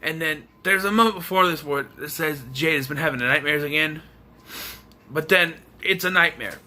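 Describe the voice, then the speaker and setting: A man's voice: a little high, normal speed, sharp tone. A young man reviewing a film in a casual video, talking in an exasperated, sarcastic rant. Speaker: movie reviewer.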